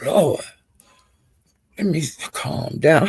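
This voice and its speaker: A woman's voice: fairly low pitch, creaky, warm tone, breathy edge, no echo, studio quality. A woman hosting a live stream, ranting and cursing heatedly at someone while chatting with viewers. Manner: cursing, heated, drawn-out insults. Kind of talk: angry profane rant to viewers.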